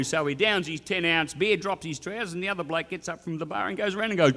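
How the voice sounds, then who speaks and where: A man's voice: a little high, animated, quick pace, hardly any pauses, a bit bright, long reverb tail. A male comedian telling bawdy jokes on stage, swearing and bantering in a blokey way. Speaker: stand-up comedian. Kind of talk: live stand-up joke telling. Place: theatre stage.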